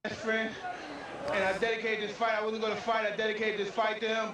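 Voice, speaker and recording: A man's voice: high-pitched, completely flat delivery, fast, far from the mic. A man, a boxer in a post-fight interview, in a boastful, fierce, rambling rant. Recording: archive clip played back, echoey, crowd behind. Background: arena crowd.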